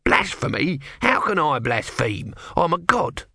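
A man's voice: a little high, very animated, measured pace, creaky, sharp tone, slightly rough, dry recording, clean studio sound, pitched above the performer's own voice, heavily acted. A man voicing a grumpy male god trapped as a tortoise, petulant and offhand in an audiobook. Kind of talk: audiobook character voice.

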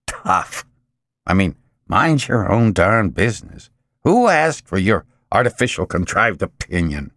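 A hoarse, croaking male boss frets and rants in an audiobook, as a man puts him on. He is short, round and sweaty, gloomy and quick to bluster. His voice swoops widely and sits close and dry, with little room sound. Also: fairly low pitch, big pitch swings, dry recording, heavily acted. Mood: irritable.

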